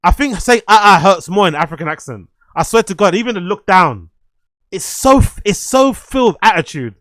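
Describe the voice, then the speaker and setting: Male host, loose live-stream commentary, a touch high-pitched, dry sound. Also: fairly quick, no room sound. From London. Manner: animated, swears freely, laughs often, repeats phrases.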